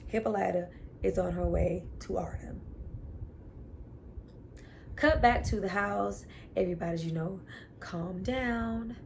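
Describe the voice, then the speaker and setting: A woman's voice: medium pitch, slow pace, creaky, pauses often, a little hiss or hum. A woman reviewer casually and animatedly recapping a TV episode, with lots of "you know". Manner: animated, chatty, uses filler "you know".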